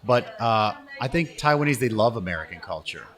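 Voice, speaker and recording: A Canadian man hosting a casual interview, enthusiastic and quick to chime in with affirmations. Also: fairly low pitch, sing-song. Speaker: podcast host.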